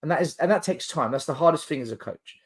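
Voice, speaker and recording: A man talking football on a podcast, his voice rising and falling in a lively, animated way. He lays out his argument in clear numbered points. The delivery is casual but emphatic. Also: fairly high pitch, quick pace. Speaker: podcast co-host.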